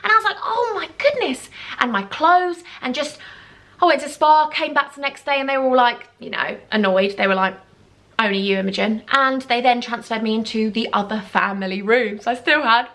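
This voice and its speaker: A young woman telling a dramatic, gushing storytime, acting out quoted voices with big jumps in pitch. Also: a little fast, a bit bright. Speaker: YouTuber. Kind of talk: casual storytime chat.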